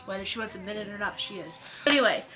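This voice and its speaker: A woman's voice: mid-range voice, very fast, faint music behind. A young woman vlogging casually to camera, chatty, with many "like"s and a sore throat. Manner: chatty, animated storytelling with many "like"s.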